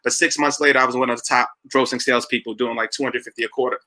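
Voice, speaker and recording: A man in his thirties from New York hosting a podcast, telling animated stories and acting out other people's lines. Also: mid-range voice, racing, rough recording. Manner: animated storyteller, quotes people with shifting voices. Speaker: podcast host. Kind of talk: casual podcast conversation.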